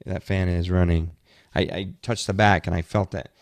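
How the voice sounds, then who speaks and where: A tired man with a deep voice yawns as he chats casually about his gadgets as a podcast host, rambling and often restarting. His intonation stays fairly even, his speed is normal, and there's no echo in this casual tech talk.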